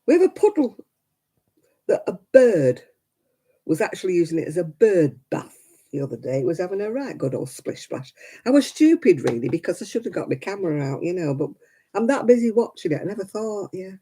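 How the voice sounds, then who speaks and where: An older woman hosts a casual crafting livestream, rambling to her viewers and laughing often. Her voice is husky and warm, and her pitch swings widely as she chats. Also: sing-song, fairly quick. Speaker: livestream host. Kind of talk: casual live-chat crafting stream.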